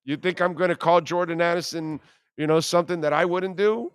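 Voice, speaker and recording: A man in his fifties hosts sports talk radio with a slightly high voice. He tells stories in a brash, profane, joking way. The studio sound is dry and close. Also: steady tone, fairly quick, clear, resonant tone, no echo.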